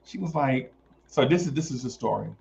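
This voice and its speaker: A man's voice: medium pitch, brisk, vocal fry, lo-fi sound, a little hiss or hum. A man casually telling a long story on a podcast, swearing and acting out the other voices. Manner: animated, swears, acts out voices.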